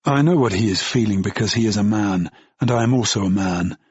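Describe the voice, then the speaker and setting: A man's voice: fairly low pitch, fairly quick, darkish tone, husky, no echo, highs cut off. A man narrating an audiobook in the first person, in a brooding, bitter tone.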